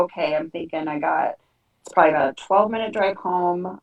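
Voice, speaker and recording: Middle-aged woman telling a story, animated. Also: on the low side, roomy sound, far from the mic, poor audio. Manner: animated, acts out dialogue with frank language. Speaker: guest. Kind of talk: conversational storytelling.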